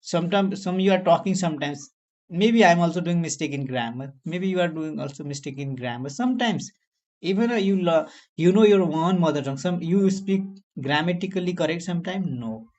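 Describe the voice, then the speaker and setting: A man's voice: fairly high pitch, fairly quick, a little mellow, muffled recording. A man with an Indian accent, speaking English as a second language in a casual chat, earnest and encouraging, with non-native grammar. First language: not English.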